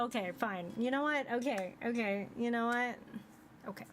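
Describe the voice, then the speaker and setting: A woman streamer reading through a visual novel live, throwing in playful, excitable asides. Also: a little high, normal speed, slight background noise.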